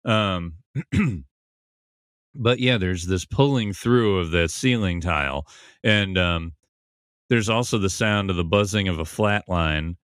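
A man's voice: deep voice, takes it slowly, fairly bright tone, smooth, dry recording, clean studio sound. A man hosting a podcast, casually recapping and analyzing a TV episode in a thoughtful, conversational way, thinking aloud as he goes. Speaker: podcast host.

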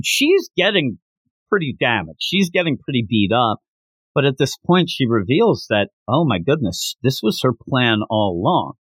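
Guy from the states recapping manga on a podcast, really animated, bouncy pitch, dry close sound. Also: dry recording. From United States. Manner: animated, breaks into quick acted quotes and mock announcer yells. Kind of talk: casual recap and commentary.

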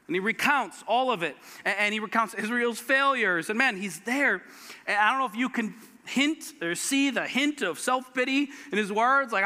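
A man preaching a sermon as pastor, animated, acting out the voices in the story he tells. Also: sits high, moderate pace. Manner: animated, acts out quoted voices of God and Elijah. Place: church sanctuary. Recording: reverberant church hall.

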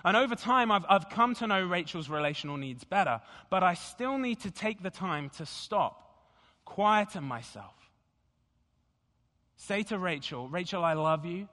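Pastor, male, fairly high voice, slow deliberate guided-meditation delivery, reverberant sanctuary. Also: very animated, sharp tone. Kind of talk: sermon leading guided scripture meditation. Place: church sanctuary. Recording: long hall reverb.

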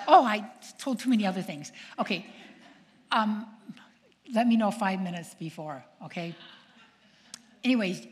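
Older nun telling stories in a hall. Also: female voice, medium pitch. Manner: animated, acts out quoted voices, asks the audience questions. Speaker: nun and speaker. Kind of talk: storytelling talk to an audience. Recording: long hall reverb.

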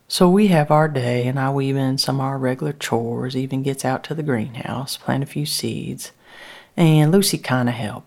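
A woman's voice: rumbling low, vocal fry, a little mellow. A woman telling a rambling first-person story, often dropping into whispers. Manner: folksy, rambling, drops to whispers. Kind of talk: dramatic first-person monologue.

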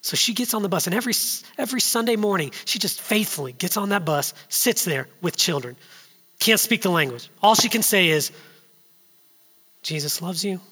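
A man in his thirties preaching a sermon, telling a story that builds from hushed to loud and urgent. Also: high voice, lively intonation, brisk, breathy edge, long reverb tail.

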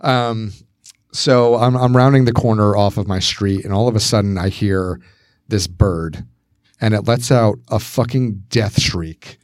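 A man co-hosting a casual podcast, telling a story with lots of swearing and acting out his own shouts. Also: fairly low pitch, measured pace, no room sound, studio quality. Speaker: podcast co-host.

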